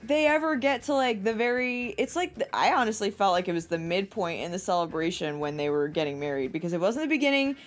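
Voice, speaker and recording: A woman's voice: mid-range voice, fast talker, few pauses. A young woman co-hosting a podcast, telling a long, profane, laugh-filled story in casual chat. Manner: animated, profane, laughs often while telling stories. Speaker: podcast co-host.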